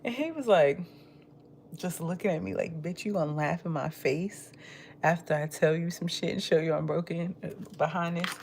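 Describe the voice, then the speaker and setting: A woman's voice: fairly low pitch, moderate pace, gravelly, a little mellow, a little hiss or hum. A woman livestreaming from home, telling gossipy stories in casual chat, acting out quotes and laughing often. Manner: laughs often while talking. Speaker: livestream vlogger. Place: at home, eating.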